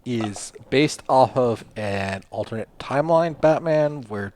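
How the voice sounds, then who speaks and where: A man's voice: mid-range voice, animated, slow pace, darkish tone, slight background noise. A man co-hosting a game stream, laid-back and teasing his partner with short remarks. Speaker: stream co-host. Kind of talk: casual stream chat.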